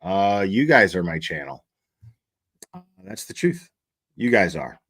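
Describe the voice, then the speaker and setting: A man's voice: sits low, very animated, unhurried, a bit bright, slightly rough. A man hosting a casual livestream, chatting, swearing freely and thanking viewers by name. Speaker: livestream host.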